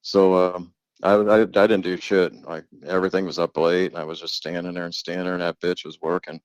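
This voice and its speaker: This is the host's father, an older man, loosely spinning stories in easygoing conversation, full of laughter and free swearing. He talks fairly quickly in a low voice with little pitch variation, captured in a dry, lo-fi recording.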